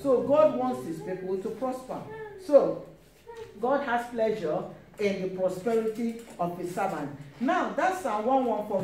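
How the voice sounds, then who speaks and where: A woman's voice: fairly high pitch, mellow. A woman preaching a sermon, emphatic and repeating key phrases with frequent calls of praise. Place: church hall. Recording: echoey church, mic at a distance, faint hiss.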